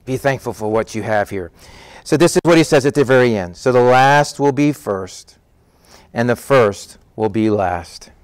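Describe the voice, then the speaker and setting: A man's voice: medium pitch, lively intonation, normal speed, clear, resonant tone, no room sound. A middle-aged man preaching a conversational sermon, acting out the voices of people in his stories. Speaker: pastor.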